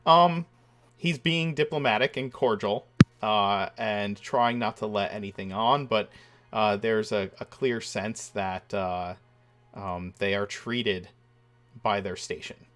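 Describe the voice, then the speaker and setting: Slow, halting male dungeon master. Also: fairly low pitch, a bit bright. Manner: measured, with frequent uh and um. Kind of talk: narrating a tabletop game.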